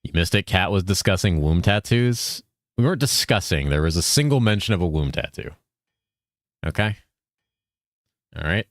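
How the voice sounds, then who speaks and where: A man's voice: sits low, expressive, normal speed, pauses often, no echo, clean studio sound. A man streaming a video game, chatting casually, explaining items and thanking viewers, with loose joking talk and some swearing. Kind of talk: casual gameplay chat.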